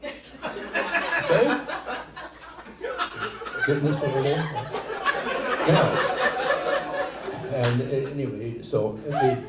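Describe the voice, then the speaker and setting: An older man doing a stand-up set, with a halting, rambling delivery full of restarts. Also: mid-range voice, wildly swooping pitch. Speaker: stand-up comedian. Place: comedy theater stage, live audience. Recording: echoey room, far from mic, noisy.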